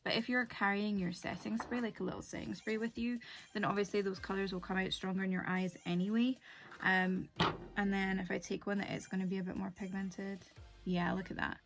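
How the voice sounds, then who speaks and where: A woman's voice: medium pitch, flat delivery, a little fast. A young woman, chatting casually and rambling through a make-up tutorial with many fillers. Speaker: beauty vlogger.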